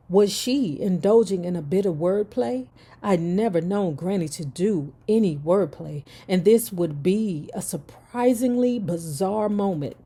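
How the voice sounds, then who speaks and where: A woman's voice: mid-range voice, dark tone, breathy edge. A woman reading a memoir aloud and breaking off into brash, profane comedic commentary and stories.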